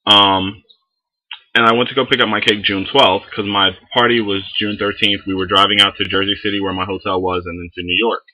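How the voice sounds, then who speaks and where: Give me a young man with a very bright, husky voice, ranting through a story on his vlog. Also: fairly low pitch, fast talker, low-quality recording. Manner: animated, heavy swearing, lots of fillers. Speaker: vlogger.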